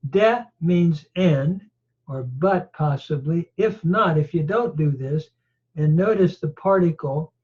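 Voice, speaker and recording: Slow, methodical male Bible teacher. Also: on the high side, husky. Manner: methodical, parses word by word with frequent hesitations. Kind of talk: slow Greek grammar lecture. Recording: dull lo-fi recording.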